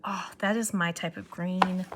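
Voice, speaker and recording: A woman's voice: lowish voice, fairly even intonation, a little slow, background noise. Gushing woman who slips into whispers. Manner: gushing, often drops to a whisper. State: tearful. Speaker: stationery YouTuber. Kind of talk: casual chat.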